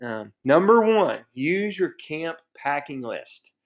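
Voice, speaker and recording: A man's voice: fairly high pitch, very animated, takes it slowly. A man in his thirties, a camp staff director hosting a parent webinar, telling stories in an upbeat, chatty way. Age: 30s. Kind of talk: presenting a webinar with personal stories. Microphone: computer mic on a webinar. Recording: dull lo-fi webinar audio.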